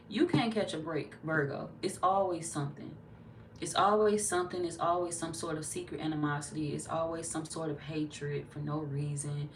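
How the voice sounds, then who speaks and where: A woman's voice: deep voice, normal speed, distant mic, slight background noise. A woman giving a casual tarot reading, talking bluntly with lots of cursing and acting out what other people say. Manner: blunt, profane, animated, slips into quoted voices. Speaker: tarot reader.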